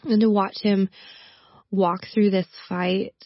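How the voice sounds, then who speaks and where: Heartfelt wife talking fast in bursts, dry dull-ish mic. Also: female voice, medium pitch, little pitch movement, no echo. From Canada. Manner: warm, emotional, quick bursts. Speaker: guest, wife. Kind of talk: conversational interview.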